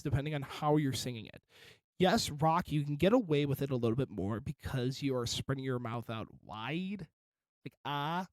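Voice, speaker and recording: A man's voice: medium pitch, dry recording. A man reviewing a song in casual commentary, encouraging and detailed about vocal technique.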